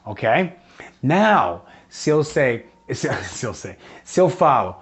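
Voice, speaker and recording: A man teaching English to young children, singing and speaking slowly so they can repeat, switching into to explain. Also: mid-range voice, animated, breathy edge. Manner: slow, drawn-out words for children to repeat. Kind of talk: children's English lesson with songs. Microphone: video lesson recording.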